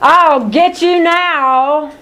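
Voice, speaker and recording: A squealing storybook bat cackles and screeches in a very high voice, as a woman puts him on. He stretches his taunts out slowly between shrill giggles. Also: pushed and bright, exaggerated voice. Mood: gleeful taunting.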